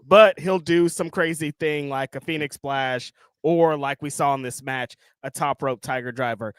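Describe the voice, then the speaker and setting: A man co-hosts a casual wrestling review in a fairly high voice, recorded dry and close. He talks with enthusiasm, jokes, swears in passing and laughs often. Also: normal speed, clear, resonant tone, no room sound. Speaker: wrestling show co-host. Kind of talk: casual podcast chat.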